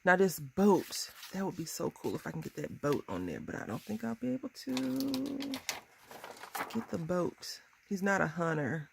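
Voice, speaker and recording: A woman in her thirties chatting casually through a crafting tutorial, bubbly and quick to laugh at herself. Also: medium pitch, very animated, creaky, a little hiss or hum. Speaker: crafting vlogger.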